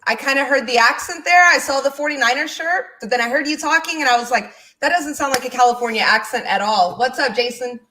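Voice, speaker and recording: A woman's voice: sits high, quick pace, hardly any pauses, pushed and bright, low-quality recording. A woman from the United States, a guest on a sports chat show, talking in an upbeat way and laughing easily. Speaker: guest, podcast co-host. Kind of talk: casual chat.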